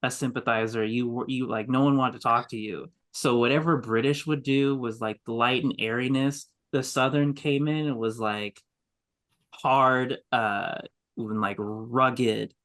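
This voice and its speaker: A man's voice: mid-range voice, fairly even intonation, measured pace, a bit bright. Chatty man explaining with many fillers. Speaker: podcast co-host. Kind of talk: casual chat.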